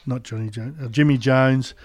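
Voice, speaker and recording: A man's voice: medium pitch, normal speed. An older man with an Australian accent, telling rambling stories about his playing days on a sports radio show. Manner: rambling, relaxed anecdotes with frequent restarts. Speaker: former rugby league player on a sports radio show. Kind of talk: casual storytelling chat.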